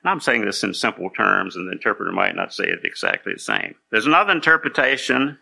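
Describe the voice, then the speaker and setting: A male pastor with a heavily gravelly, rough voice that carries a tense, sharp edge. He explains his points in a patient, conversational way. He pauses now and then to make sure the congregation is following. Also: fairly low pitch, huge pitch swings. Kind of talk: conversational sermon.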